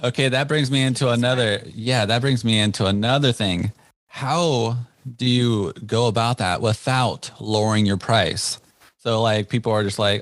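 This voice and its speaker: A man hosting a relaxed podcast interview, his mid-pitched voice recorded close and dry with no room sound. He is keen and encouraging, laughing easily as he asks follow-up questions. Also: moderate pace, no room sound. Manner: enthusiastic, laughs often, asks follow-ups. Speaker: podcast host.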